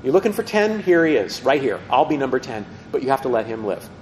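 A man's voice: big pitch swings, quick pace, lightly acted. A man voicing a resolute priest offering himself. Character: calm, resolute male priest volunteering to die. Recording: reverberant hall, faint rumble.

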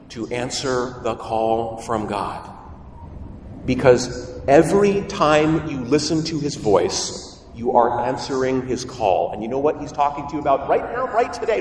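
Animated man preaching in a hall. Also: a little high, a little hiss or hum. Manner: animated, asks the listeners questions. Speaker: priest. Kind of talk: homily to young people. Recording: roomy hall echo from far off.

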